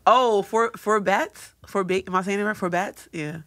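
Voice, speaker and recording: A woman's voice: mid-range voice, normal speed. A woman, a guest rapper chatting casually in a laid-back way and laughing often. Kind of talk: casual interview chat. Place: radio studio. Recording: clear background noise.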